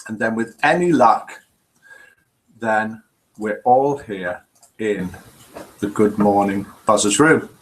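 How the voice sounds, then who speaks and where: A man's voice: lowish voice, slow pace, pauses often. A man hosting a live interactive broadcast, chatting casually and talking through technical problems as they happen. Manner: chatty, talks through technical glitches as he goes. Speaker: host of a live interactive show. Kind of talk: casual live-stream chat.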